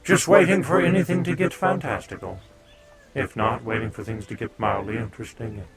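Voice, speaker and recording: A man's voice: medium pitch, fairly quick, a loud crowd. A man live-streaming at home in a laid-back, casual way, chatting to his viewers and telling his dogs to stop barking.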